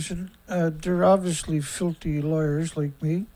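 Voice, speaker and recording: A man's voice: fairly high pitch, steady tone, a little slow, few pauses, warm tone. Blunt, sarcastic middle-aged man host. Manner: rambling with frequent fillers and asides. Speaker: host of a daily news livestream. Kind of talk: casual livestream commentary.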